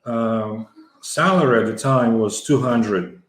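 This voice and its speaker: Taking his time, a middle-aged interview guest from the former Soviet Union tells a long story in a mid-range voice, restarting often and leaning on fillers. It's conversational storytelling captured in an echoey room.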